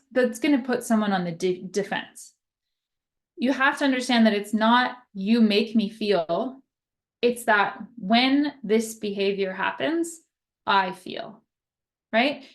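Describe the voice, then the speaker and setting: A young woman explains communication skills in a relaxed, conversational teaching manner. Her voice sits at a mid pitch, and she often checks in with "right?" before acting out little example phrases. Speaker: occupational therapist. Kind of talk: casual explanatory talk.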